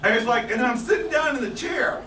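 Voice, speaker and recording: A high-voiced man tells a story to a live audience, animated and quick with asides. He laughs often. The recording is noisy and roomy, with the mic set back from him. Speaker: guest speaker. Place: meeting room with audience. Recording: echoey room, far from mic, noisy.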